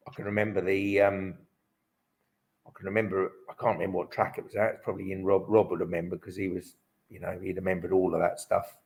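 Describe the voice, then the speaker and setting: A man in his fifties with a low, gravelly voice, rambling through old racing stories as an interview guest. He restarts his sentences a lot and fills gaps with "um" and "like." The delivery is casual and chatty. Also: level tone, fast talker, darkish tone, low-quality recording. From Britain. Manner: rambling, restarts often, lots of "um" and "like". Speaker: guest, former motocross champion. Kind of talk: casual storytelling in a live online interview.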